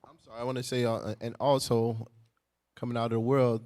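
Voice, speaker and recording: Joking male co-teacher at mid pitch. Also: little pitch movement, fairly quick, a little mellow. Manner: joking, conversational, playing to the room. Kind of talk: church teaching to a congregation.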